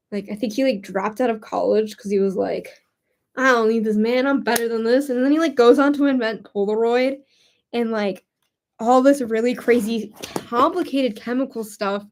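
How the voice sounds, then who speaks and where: A young woman with a slightly high voice talks casually as she works on a quilt. She giggles often, rambles between thoughts and pokes fun at herself. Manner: giggly, rambling, self-mocking. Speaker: crafting YouTuber. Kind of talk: casual chat while quilting.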